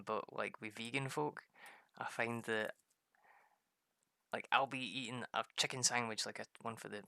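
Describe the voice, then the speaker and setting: Scottish man, gaming host, loose and rambling, bright crackly voice. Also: fairly low pitch, vocal fry, dry recording, studio quality. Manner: rambling, laughs often, mimics voices in quoted lines. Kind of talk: casual commentary while playing a farming game.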